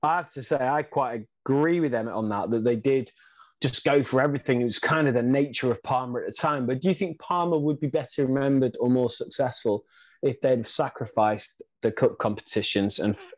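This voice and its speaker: Man, podcast host, mid-pitched voice, inquisitive, long questions. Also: a little mellow. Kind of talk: casual podcast chat.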